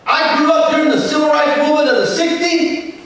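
In a large convention hall, a Southern California man gives a motivational keynote, telling stories animatedly and acting out dialogue, even switching into Spanish. His voice is very high-pitched and brisk. It's recorded from far off in the echoey hall, with faint noise.

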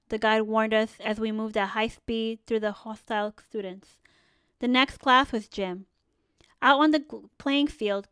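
A woman narrating a first-person memoir audiobook in an earnest, measured storytelling manner, close to a studio mic. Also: on the high side, clear, resonant tone, no echo.

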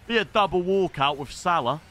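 A young man streaming live and chatting casually while opening packs in a football game, excitable and sweary. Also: high voice, fairly quick. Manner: excitable, shouts at pack pulls, swears.

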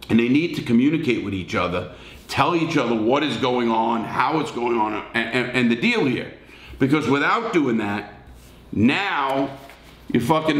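A middle-aged man with a New York accent, bluntly judging viewer stories in a profane, animated casual retelling. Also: mid-range voice, roomy sound. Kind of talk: casual storytelling commentary.

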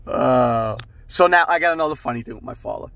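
A middle-aged man and show host telling a rambling, profane story in a casual, animated way. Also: mid-range voice, brisk.

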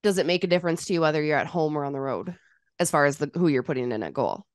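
A woman's voice: sits low, expressive, racing, no room sound, studio quality. A woman hosting a sports podcast, chatting casually with a playful, teasing and opinionated manner. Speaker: podcast host.

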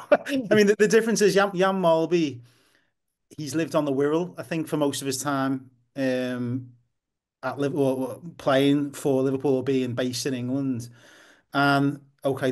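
A man, a football writer, as a guest in a casual podcast interview, explaining at length and restarting often. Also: on the high side.

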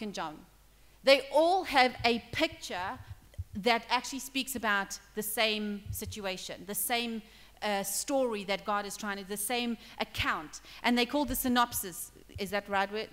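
Woman pastor, sermon, fairly high voice, long church reverb; chatty, acts out dialogue. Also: fairly bright tone. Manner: conversational preaching, acts out dialogue, checks in with listeners. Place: church hall.

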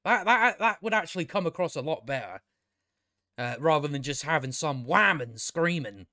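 A man's voice: a little high, lively intonation, moderate pace, pushed and bright, no echo, studio quality. A man giving a casual, rambling review, exasperated and sarcastic, swearing often and restarting his sentences. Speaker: video reviewer.

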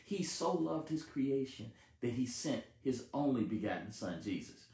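A man's voice: medium pitch, expressive, normal speed, warm tone. A man delivers a sermon in a mid-range voice, hammering home repeated phrases and tripping over a word here and there. The room around him rings with a noticeable echo. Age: adult, married with family. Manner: repetitive, emphatic call-and-response preaching with stumbles. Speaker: preacher.

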